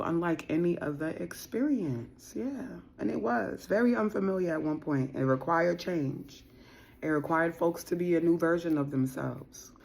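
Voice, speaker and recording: A woman's voice: low voice, a little mellow. Chatty woman giving a tarot reading. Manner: chatty, slangy, playful, laughs often. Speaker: tarot reader. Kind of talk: casual tarot reading to viewers.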